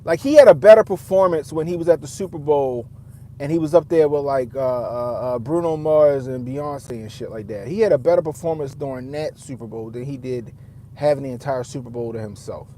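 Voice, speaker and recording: A man's voice: medium pitch, a little fast, dark tone, a little hiss or hum. A man giving a casual, profane commentary, rambling and often repeating himself as he restarts his thoughts. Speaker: father.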